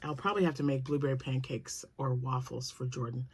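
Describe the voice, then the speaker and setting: A woman's voice: very deep voice, steady tone, fairly quick, husky. A middle-aged woman chatting casually to her viewers in a crochet vlog, rambling from topic to topic with asides and little laughs. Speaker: crochet vlogger. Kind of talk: casual chat to camera.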